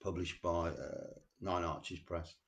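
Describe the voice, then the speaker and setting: Deep-voiced man reading poetry. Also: little pitch movement, fairly bright tone, slight background noise. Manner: reads poems slowly and deliberately, chats loosely between them. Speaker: radio show host. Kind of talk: poetry reading with casual asides.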